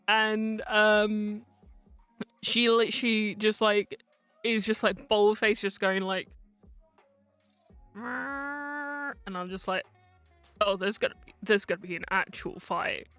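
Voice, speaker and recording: A woman's voice: mid-range voice, level tone, a little slow, fairly bright tone, smooth, soft background music. A woman streaming as a vtuber, telling a casual story in a chatty way, full of fillers, swearing and frequent laughs.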